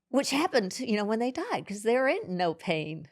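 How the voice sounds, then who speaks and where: A middle-aged woman, a podcast guest, speaking haltingly and emotionally in an interview, with many restarts. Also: on the high side, expressive.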